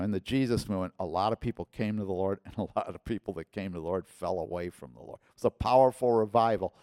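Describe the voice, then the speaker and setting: A man preaching a personal testimony, his voice swelling loud when he quotes others. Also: deep voice, no echo, studio quality. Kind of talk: sermon testimony.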